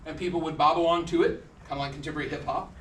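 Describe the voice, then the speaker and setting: A man's voice: fairly high pitch, steady tone, very fast, a little hiss or hum. A man giving a university lecture in a casual, joking manner, acting out the people he quotes. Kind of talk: classroom lecture. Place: lecture hall. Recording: echoey lecture hall from a distance.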